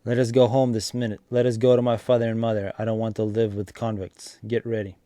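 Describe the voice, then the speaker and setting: A man's voice: on the low side, level tone, quick pace, no echo, clean studio sound, natural voice. A man reading as a furious young peasant wife. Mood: furious, bitter. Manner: shouting, bitter.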